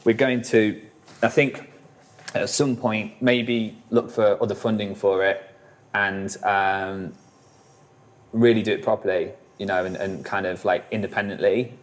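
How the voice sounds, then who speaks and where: A man's voice: lowish voice, flat delivery, measured pace. A man, a musician guest telling rambling stories in a casual interview, full of fillers and swearing.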